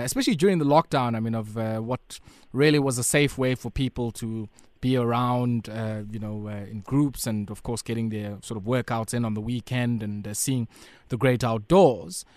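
A man hosting an evening radio interview from a studio, talking with many uhs and pauses. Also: mid-range voice, no echo. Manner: hesitant, many filler words. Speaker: radio host.

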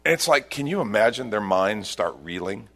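A man preaching a sermon as pastor, telling a scripture story with emphatic bursts and quieter reflective stretches. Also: lowish voice, big pitch swings, normal speed.

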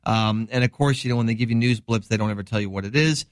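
A man's voice: on the low side, fast, no room sound, studio quality. A middle-aged man from Wisconsin, a doctor hosting a health show, explaining news in rambling, enthusiastic casual chat.

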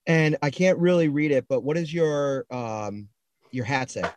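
A man's voice: a little high, unhurried, darkish tone, dry recording. Male reporter with a dry close sound. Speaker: sports reporter. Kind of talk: press conference questions.

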